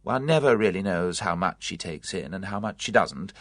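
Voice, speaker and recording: A reader voicing a cheerful, competent matron of about fifty, chatty, brisk and comfortable. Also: low voice, lively intonation, no room sound.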